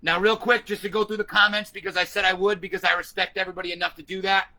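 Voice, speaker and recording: High, bright-voiced profane ranting man. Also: level tone, racing, rough recording. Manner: profane, combative, emphatic. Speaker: vlogger. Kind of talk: ranting vlog, reading comments.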